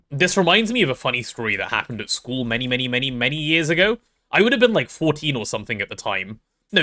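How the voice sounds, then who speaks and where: Lively bright-voiced young man streaming. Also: on the high side. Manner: rambling, playful, self-deprecating storytelling. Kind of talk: casual gaming stream chat.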